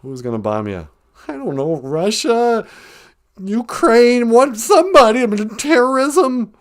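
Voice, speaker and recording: A woman co-hosting a podcast, giving gentle, practical advice. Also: on the high side, big pitch swings, a little slow. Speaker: podcast co-host. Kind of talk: casual chat.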